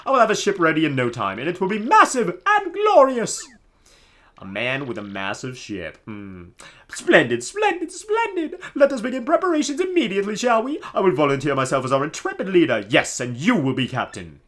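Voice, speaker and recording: A man's voice: high-pitched, huge pitch swings, brisk, a bit bright, pitched above the performer's own voice, heavily acted. A man putting on a pompous, flowery rich merchant. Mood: grandiose. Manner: theatrical, boastful, flowery speech. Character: pompous vain rich male merchant, grandiose. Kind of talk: reading game dialogue aloud in voices.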